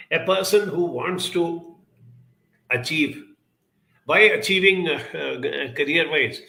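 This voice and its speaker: A man's voice: a little high, vocal fry, pushed and bright, rough recording. A man, a counselor giving an earnest, explanatory talk to camera and putting questions to the viewer.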